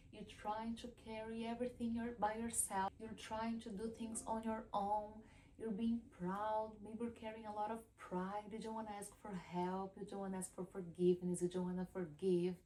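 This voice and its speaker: A woman speaking to the camera in a heartfelt devotional talk, earnest and pleading, sometimes sinking into a soft whisper. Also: mid-range voice, poor audio. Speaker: faith video speaker. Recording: faint background noise.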